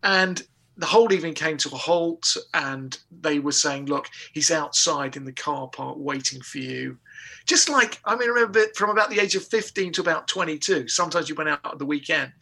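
Guy rambling through a funny story, kinda high and husky. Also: fairly quick. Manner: animated storytelling with laughter and restarts. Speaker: guest comedian. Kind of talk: casual anecdote on a talk show.

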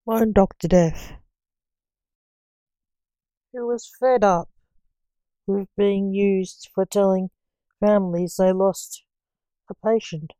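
A woman narrating a story in a measured, steady reading voice. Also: medium pitch, clear, resonant tone, dry recording.

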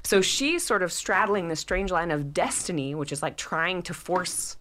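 Brief: low-voiced woman author, loose upbeat guest talk, lots of fillers. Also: expressive, normal speed, fairly bright tone. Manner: rambling, filler-heavy, upbeat. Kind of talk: casual interview chat.

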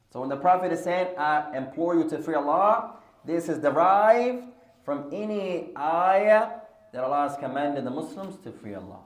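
Male teacher, fairly high voice, very animated, switches languages, jokes with the class, roomy echo. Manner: switches between English and Arabic, jokes with students. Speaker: Islamic studies teacher. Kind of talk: classroom lesson with humorous asides. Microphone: podcast recording of a class.

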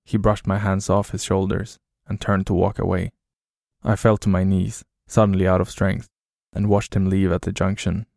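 A man narrating a horror story in a flat, grim, low-key way. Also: normal speed, vocal fry, dry recording, studio quality.

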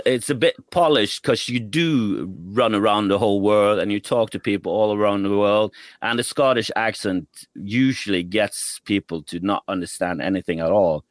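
Halting low-voiced host. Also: male voice, no room sound, clean studio sound. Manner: halting, hesitant, slow to find words. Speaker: podcast host. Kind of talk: casual podcast interview.

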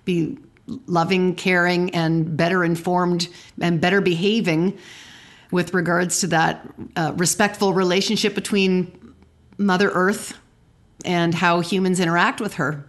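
A woman's voice: fairly low pitch, little pitch movement, unhurried. A woman interviewing a singer, admiring, often restarting her words. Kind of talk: interview questions.

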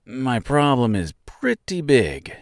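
A man's voice: medium pitch, huge pitch swings, takes it slowly, no room sound, clean studio sound, voice pushed up, exaggerated voice. A man voicing a sad, lonely male scarecrow in an audiobook, speaking in a hesitant, downcast way. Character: glum male scarecrow, lonely and self-pitying. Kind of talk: audiobook character voice.

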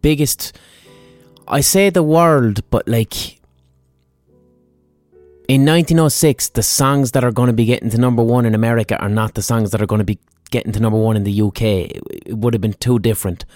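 A man's voice: medium pitch, steady tone, fairly quick, a little mellow, dry recording, soft background music. A man hosting a history podcast, telling it in a chatty, digressive way with plenty of swearing. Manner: chatty, profane, digressive storytelling. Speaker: podcast host. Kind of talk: casual history podcast monologue.

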